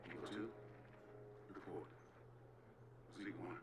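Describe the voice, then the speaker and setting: A man's voice: sits low, steady tone, slow, noisy background. An actor playing a stern male military commander who barks orders in a TV action drama. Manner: barking, commanding. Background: dramatic soundtrack music.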